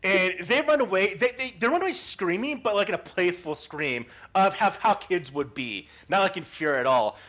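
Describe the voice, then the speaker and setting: A man's voice: sits high, expressive, moderate pace, few pauses, a bit bright, muffled recording. A man narrating as game master in an online tabletop game, rambling and restarting as he describes scenes and asks the player what he does.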